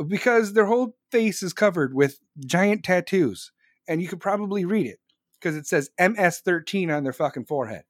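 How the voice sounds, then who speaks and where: A young man with a high voice rants sarcastically at his stream chat, swearing at nearly every turn. His sound is dry and close, with no room echo at all. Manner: crude, sarcastic, swears constantly, laughs at own jokes. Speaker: livestream host reading chat. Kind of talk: profane rant reacting to chat.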